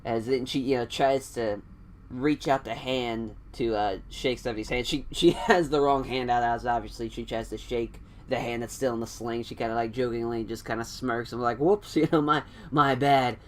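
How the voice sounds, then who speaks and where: A man's voice: medium pitch, fairly even intonation, moderate pace, slight background noise. A man casually narrating an imagined wrestling show, rambling and laughing often. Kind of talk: casual storytelling.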